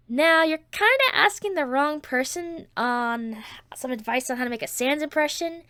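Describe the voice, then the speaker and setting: A woman's voice: high voice, normal speed, no echo. Vlog host, woman with a cold-stuffed nose; eager, rambling, dry close sound. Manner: chatty and excitable, many fillers and restarts. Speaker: channel host. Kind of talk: casual Q&A vlog.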